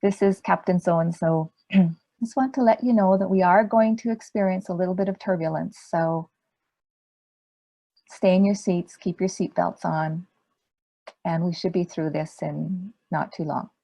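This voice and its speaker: A woman doing a calm airline captain. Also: fairly low pitch, a little slow, vocal fry, dry recording, low-quality recording. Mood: matter-of-fact. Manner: routine announcement tone. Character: calm male airline pilot on the intercom.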